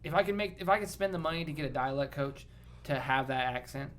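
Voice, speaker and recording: A man's voice: fairly high pitch, fast talker, a bit bright, a little hiss or hum. A man co-hosting a podcast, telling rambling, profane stories with enthusiasm in casual chat. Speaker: podcast co-host.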